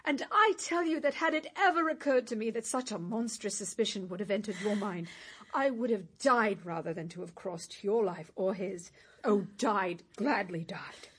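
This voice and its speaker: A woman's voice: mid-range voice, moderate pace, fairly bright tone, husky. An actress playing a worldly woman with a shameful past, pleading urgently and with passion in a stage drama. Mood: earnest.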